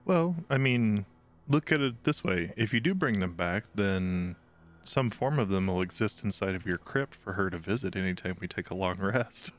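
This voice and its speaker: A man with a very low voice, playing a tabletop role-playing game. He talks in a relaxed, easygoing way. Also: normal speed, soft background music. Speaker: player. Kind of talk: casual tabletop play.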